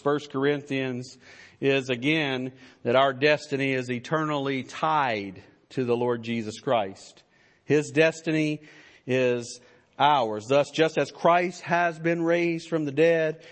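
A man's voice: fairly high pitch, fairly bright tone. A man preaching a sermon as pastor, in an emphatic style that builds to stressed declarations.

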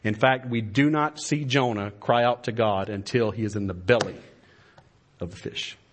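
A man's voice: on the low side, normal speed. A man preaching a sermon in an earnest, emphatic manner. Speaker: pastor.

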